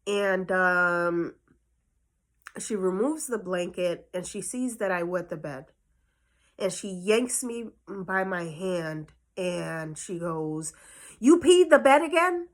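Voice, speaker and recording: A woman's voice: lowish voice, slow. A woman telling a personal story on her vlog in a casual, chatty way full of fillers, slightly short of breath. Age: adult. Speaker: vlogger.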